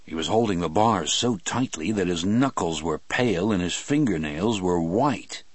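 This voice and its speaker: Low-voiced man narrating a novel. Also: dry recording. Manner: expressive, shifting pace between slow and quick. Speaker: audiobook narrator. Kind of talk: first-person novel narration.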